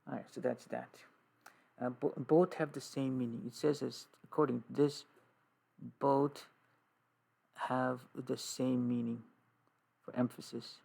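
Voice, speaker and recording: Man, grammar teacher, very gravelly, dark husky tone, slow repetitive lesson. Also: mid-range voice. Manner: slow, repetitive, drills terms with many "okay"s. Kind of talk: classroom lesson with writing.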